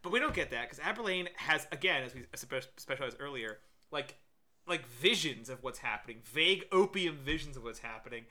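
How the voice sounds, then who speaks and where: Bright-voiced man rambling about a movie. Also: mid-range voice, animated, fairly quick. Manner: rambling, lots of fillers. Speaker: podcast co-host. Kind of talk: casual movie review chat.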